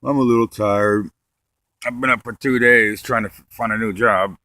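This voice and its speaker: Stand-up comedian, man, rambling deadpan delivery with plenty of cursing, bright tone. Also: lowish voice, normal speed, no room sound.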